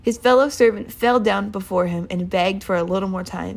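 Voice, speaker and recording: A woman's voice: medium pitch, fairly even intonation, moderate pace, creaky. A woman giving an informal, earnest sermon, casual and rambling, with many fillers and restarts. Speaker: Bible teacher.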